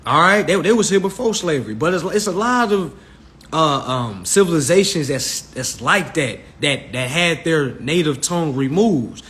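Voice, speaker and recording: Animated man talking live. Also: normal speed, a little hiss or hum. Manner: animated, shouts quoted voices in a high squeal. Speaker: Instagram live host. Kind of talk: casual talk to a live audience.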